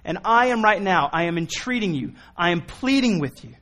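A man preaching a sermon in an earnest, pleading way, moving from quiet reasoning to impassioned appeals. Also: high voice, expressive, normal speed. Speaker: pastor.

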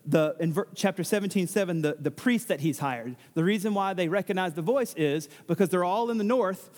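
A man's voice: sits high, fairly quick, a little mellow, long reverb tail. A man preaching a sermon that works through a scripture passage, talking conversationally with frequent restarts and joking asides. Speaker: pastor. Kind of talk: expository sermon with scripture reading.

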